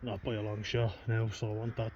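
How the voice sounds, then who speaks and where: Young man, low voice, frank and sweary. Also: flat delivery, a little fast, a little mellow. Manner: rambling, sweary and frank, with nervous laughs. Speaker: vlogger. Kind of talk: candid confessional vlog talk. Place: outdoors in the countryside among farm animals. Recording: dull outdoor recording with background noise.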